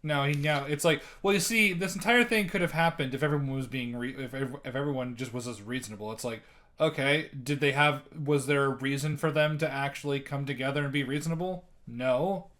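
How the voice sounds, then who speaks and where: A man's voice: medium pitch, a little fast, fairly bright tone. A man co-hosting a casual podcast chat, laughing and stumbling over his words. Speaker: podcast co-host.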